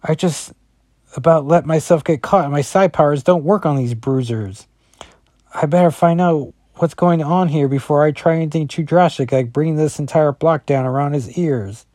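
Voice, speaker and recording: Brief: a man playing an anxious young heroine, raised pitch, urgent delivery, dry room. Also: normal speed, darkish tone, no echo, natural voice. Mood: tense.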